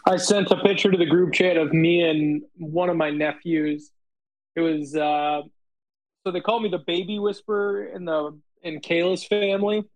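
Lively man telling stories to friends. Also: sits high, normal speed, low-quality recording. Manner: animated storyteller acting out quotes. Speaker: host. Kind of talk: casual chat.

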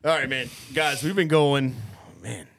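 A man's voice: mid-range voice, unhurried, a bit bright. A young man hosting a podcast, telling a rambling, profane story in casual chat, full of fillers and restarts. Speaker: podcast host.

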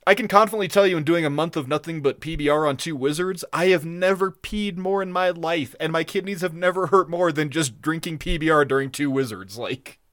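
A man with a slightly high voice rants through a casual podcast review, swearing freely and jumping between gripes. His voice sits close and dry on the mic, with no room sound around it. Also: fairly quick, few pauses, no echo. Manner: profane, ranting, animated. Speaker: podcast co-host. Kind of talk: casual episode review chat.

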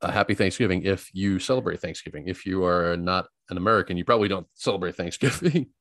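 A man's voice: low voice, fast, a bit bright. A man co-hosting a podcast in casual, joking chat, often laughing. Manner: laughs often, playful, loose. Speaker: podcast co-host.

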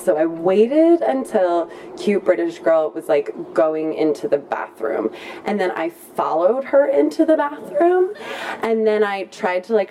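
A woman's voice: medium pitch, warm tone. A woman telling a funny personal story at a live storytelling event, chatty and playful, often laughing as she talks.

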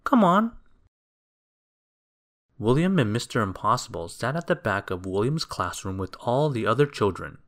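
A man reading a children's storybook aloud in a gentle, expressive, unhurried way. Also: on the low side.

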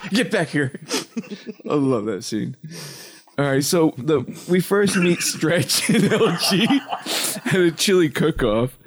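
A man's voice: fairly high pitch, expressive, slow. A man hosting a casual movie podcast, rambling and swearing, with many fillers.

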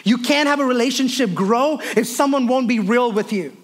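A male pastor preaching a sermon, earnest and personal, often repeating words and moving between raised and hushed delivery. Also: very high-pitched, normal speed.

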